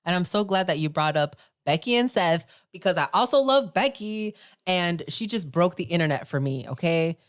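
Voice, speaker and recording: A woman's voice: on the low side, lively intonation, moderate pace, no echo, clean studio sound. A woman hosting a podcast, chatting casually with chatty, giggly fan enthusiasm. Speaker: podcast host.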